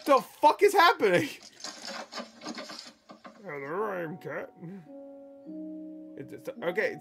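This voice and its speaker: A woman hosting a meme reaction video, cursing freely, laughing loudly and yelling back at the clips. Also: on the low side, huge pitch swings, slow pace, long pauses, soft background music. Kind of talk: casual meme reaction commentary.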